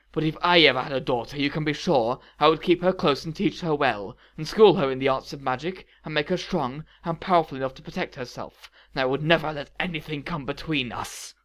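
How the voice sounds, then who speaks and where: A theatrical female sorceress villain sneers and scolds with grand, dramatic flair, as a male reader puts her on. The voice sits a touch high and leans into every flourish, in a storybook-style reading. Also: a little fast, a bit bright, natural voice. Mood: furious. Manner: dramatic, sneering, rising to fury. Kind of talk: audiobook reading of fan fiction.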